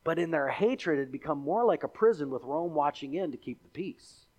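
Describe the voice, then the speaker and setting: A male pastor preaching a sermon, telling the story with animated delivery and acting out the characters and crowd. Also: a little high, a little fast, muffled recording.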